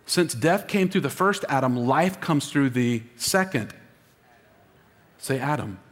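In a space with a long reverb tail, a man preaches an Easter sermon as lead pastor, taking it slowly with an expressive, mid-range voice. He is emotional and draws call-and-response from the congregation.

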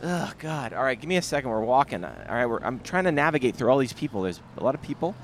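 A man co-hosting a podcast as he strolls down a busy city street, bantering and quick to object. His pitch swings up and down with lots of life. A faint hum of traffic sits under his voice. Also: lively intonation. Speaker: podcast co-host. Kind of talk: casual street chat.

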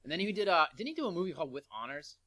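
A man's voice: on the high side, big pitch swings, racing, pushed and bright. A man co-hosting a podcast, chatting casually in a rambling, laid-back, joking way. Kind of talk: casual chat.

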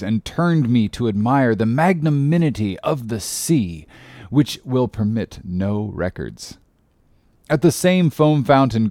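Expressive male audiobook narrator, dry sound. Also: medium pitch, dry recording. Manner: expressive, rising with the action.

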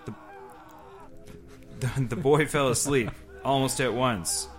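Reading a creepy tale to his friends on a podcast, this host speaks slowly in a mid-range voice. He keeps interrupting himself with offhand comments and laughter while faint music sits behind him.

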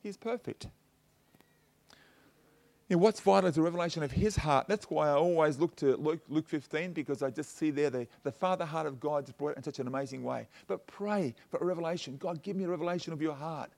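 This is a middle-aged male pastor with a notably high-pitched voice. He preaches in a loose, chatty way, telling personal stories and leaning on "you know" and "okay?" to keep the congregation with him. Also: brisk, vocal fry, a little mellow. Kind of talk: conversational sermon.

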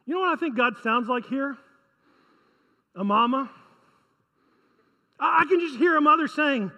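High-voiced man preaching a sermon. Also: animated, a little slow, long pauses, pushed and bright, in a large hall. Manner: conversational, rhetorical questions to the congregation. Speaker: pastor.

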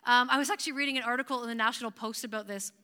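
A Canadian woman preaching a sermon to her church, chatty and animated and often laughing. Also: fairly high pitch, very fast, clear, resonant tone. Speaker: pastor.

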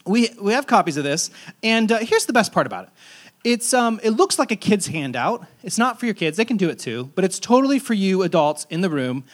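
Higher-voiced man preaching conversationally. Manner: conversational, self-deprecating storytelling. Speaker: pastor. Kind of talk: sermon.

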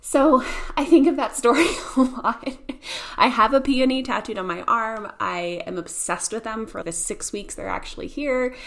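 A woman with an Indiana Midwestern accent, talking casually on her own podcast. She tells stories in a chatty, easygoing way, with laughs slipping in, at a middle pitch for a woman. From Indiana, USA. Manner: chatty, storytelling, laughs often. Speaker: podcast host. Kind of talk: casual solo podcast talk.

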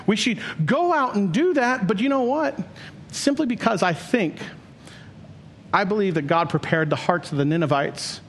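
High-pitched pastor guy preaching, earnest, gets loud on the questions. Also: expressive, moderate pace, a little hiss or hum. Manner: earnest, rising to emphatic questions. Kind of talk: sermon.

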